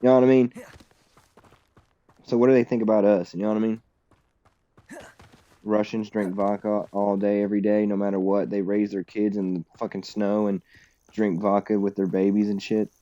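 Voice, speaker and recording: A man's voice: lowish voice, flat delivery, normal speed, pauses often, mellow, no echo, dull audio. Swearing, rambling streamer guy. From United States. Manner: loose, profane, rambling, laughs often. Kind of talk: casual live-stream chat while gaming.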